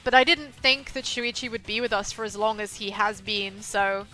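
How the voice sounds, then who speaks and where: Brief: bright, chatty woman streamer with a softened Southwest English accent, game music low underneath. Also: steady tone, normal speed. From England. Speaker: VTuber streamer. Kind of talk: casual gaming commentary.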